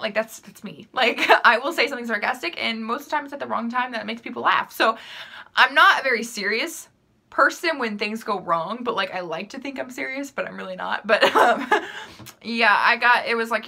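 Chatty young woman with a bright voice. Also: fairly high pitch, brisk, gravelly. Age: young adult. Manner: chatty, rambling, full of "like" and "um"; laughs easily, self-deprecating. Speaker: vlogger. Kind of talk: casual chat answering questions.

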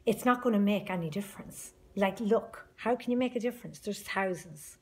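A woman's voice: mid-range voice, moderate pace, a little mellow, husky, close to an everyday voice. A woman playing a dismissive man on a beach who mocks and scoffs impatiently, in a told story. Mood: scoffing. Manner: mocking, impatient.

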